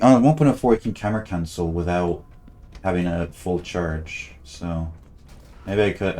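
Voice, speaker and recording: Low deep-voiced man, game streamer, casual play-by-play commentary, rambling and restarting. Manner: thinking aloud, chatty, trails off and restarts.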